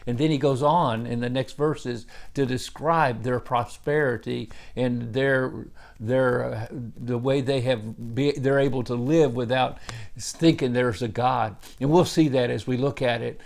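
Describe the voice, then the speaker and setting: A man giving a daily Bible devotion as a pastor, with a middle-pitched voice. He talks earnestly and unhurriedly, and leans hard into single words for emphasis. Small "uh" fillers run through his teaching. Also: fairly even intonation, unhurried, gravelly.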